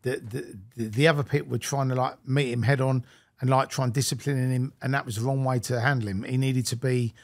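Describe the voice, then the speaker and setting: Give me a fast-talking male podcast host asking eager questions. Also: medium pitch, fairly even intonation. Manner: short eager reactions and questions. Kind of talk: casual interview.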